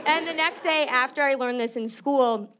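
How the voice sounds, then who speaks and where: A young New woman, loud and brash as she talks her way through a stand-up set. Her voice sits high and carries over a handheld mic, with the noise of a live room underneath. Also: moderate pace, over a noisy crowd. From New York. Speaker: stand-up comedian. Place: stage before a live audience.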